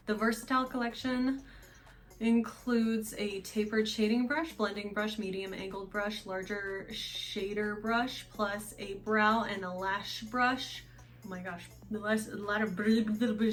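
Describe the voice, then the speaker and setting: A woman with a Russian accent chatting casually through a makeup box unboxing, rambling with lots of fillers. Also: medium pitch. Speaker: beauty vlogger.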